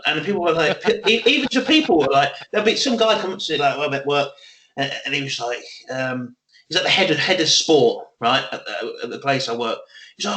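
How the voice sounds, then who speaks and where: Man, podcast co-host, rowdy laughing storyteller, roomy echo, bright tone. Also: a little high, expressive, quick pace. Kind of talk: casual chat.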